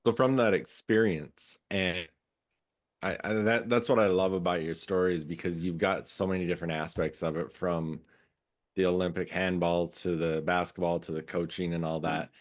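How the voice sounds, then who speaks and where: A man's voice: deep voice, steady tone, normal speed. A man hosting a podcast, asking encouraging, slightly rambling interview questions. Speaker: podcast host.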